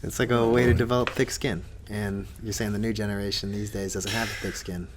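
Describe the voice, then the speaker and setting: Ein Mann mit tiefer Stimme redet ruhig und bedächtig in lockerem Gesprächston, oft mit Füllwörtern. Im Hintergrund ist ein leises Rauschen zu hören. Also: male voice, lowish voice, noisy background. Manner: calm, measured, with many "like" fillers. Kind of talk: casual chat.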